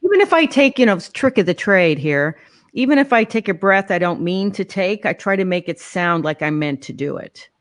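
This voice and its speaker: A woman's voice: mid-range voice, animated, normal speed. Woman coaching a singer over video call. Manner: warm, encouraging, demonstrates phrases in French. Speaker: voice teacher. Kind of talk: live-streamed master class coaching.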